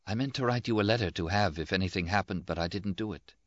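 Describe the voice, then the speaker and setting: A gravely ill young woman, tender and brave, speaking softly and faintly, as a man with a very deep voice reads her lines. The audiobook recording is dry and a little dull. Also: fast talker, no echo, lightly acted. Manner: soft, weak delivery.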